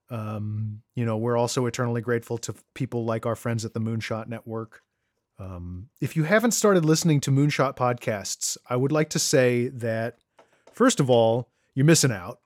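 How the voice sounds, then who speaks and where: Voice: medium pitch, normal speed, no room sound, studio quality. A podcast co-host in casual chat, joking and then reading out recommendations for other shows. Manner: animated, joking, reads out show plugs.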